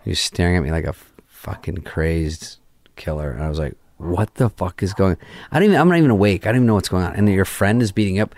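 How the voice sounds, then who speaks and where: A man's voice: sits low, rapid-fire. A middle-aged man, a guest, telling a story in casual chat, swearing freely and acting out the lines of everyone in it. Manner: profane, animated, acts out quoted lines.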